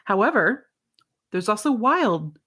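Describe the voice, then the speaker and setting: A woman co-hosting a chatty podcast, her fairly deep voice bouncing widely up and down as she rambles. She giggles often and swears freely, talking in a loose, casual way. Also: very animated, slow, sharp tone, slightly rough. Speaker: podcast co-host.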